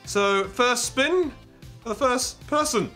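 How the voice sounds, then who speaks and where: A man hosting a casual gaming session with friends, excitable and laughing, urging players on with rapid shouts. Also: very high-pitched, faint music behind. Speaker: host.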